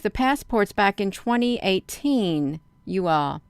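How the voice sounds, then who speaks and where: A woman's voice: mid-range voice, moderate pace, vocal fry, few pauses, clean tone, no room sound. A woman hosting a livestream, talking urgently and emphatically to her viewers and answering their comments as she goes. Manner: urgent, emphatic, addresses viewers as "you all". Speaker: livestream host.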